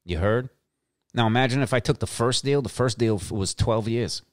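Briskly and with fairly even intonation, a mid-range-voiced middle-aged podcast host rolls through a brash, profane monologue. He swaggers, curses heavily, and repeats lines for emphasis, recorded in studio quality without room sound.

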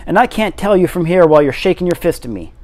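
A man's voice: high voice, lively intonation, a little fast, dark tone, dry recording. Obstinate fierce girl, voiced by a man. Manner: obstinate, breathless. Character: stubborn, fierce young girl.

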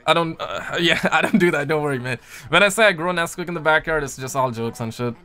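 Faint music sits behind this young man hosting a gaming stream. His fairly high voice is bright, smooth, and forceful, and he talks fast while reading viewer messages and joking in slangy, loose fashion, heavy on "man" and "dude."

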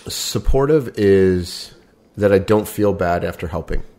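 Deep-voiced man explaining on a podcast. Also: measured pace, warm tone. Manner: explanatory, gives step-by-step examples. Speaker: podcast co-host. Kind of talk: casual podcast chat.

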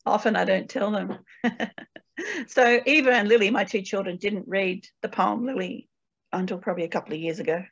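A woman's voice: mid-range voice, moderate pace, creaky, husky. Older Australian woman on a dull call line. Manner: chatty, laughs often, trails off with fillers. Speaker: poet. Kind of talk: poetry reading and Q&A. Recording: dull lo-fi video call audio.

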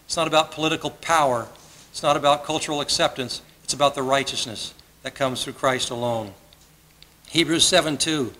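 A man's voice: a little high, fairly quick, bright, forceful tone, rough recording. A man preaching a sermon as pastor, earnest and conversational, often repeating his phrases. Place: church sanctuary.

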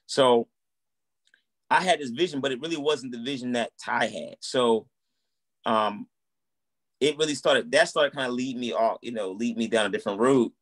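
A man's voice: mid-range voice, normal speed, long pauses. A man in his thirties telling his story in a casual interview, acting out quoted dialogue. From United States. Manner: animated, acts out quoted dialogue. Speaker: guest, musician and minister.

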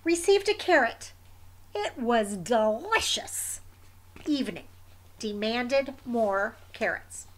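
A woman's voice: a little high, takes it slowly. Woman reading as a stubborn, sleepy wombat. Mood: deadpan. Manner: terse diary entries, deadpan. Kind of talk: picture book read aloud.

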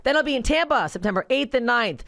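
Brash swearing woman with a gravelly voice. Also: fairly high pitch, expressive, fast talker, dry recording, studio quality. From Canada. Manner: brash, swears a lot, loud bursts. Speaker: podcast host. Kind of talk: casual profane chat.

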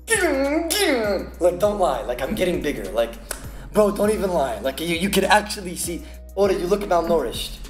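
A man chats on a live game stream, playful and excitable, greeting his viewers one by one. His voice swings up and down and sits a little higher than most men's. The room is echoey, and faint music plays behind him. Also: a little fast. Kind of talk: casual live-stream chat.

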